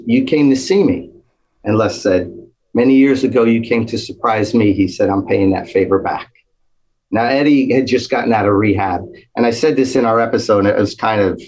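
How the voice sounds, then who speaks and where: A man telling a lively anecdote in casual conversation, acting out the quotes. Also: fairly low pitch, breathy edge, rough recording. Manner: animated storytelling, acts out quotes. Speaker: storyteller, former police officer.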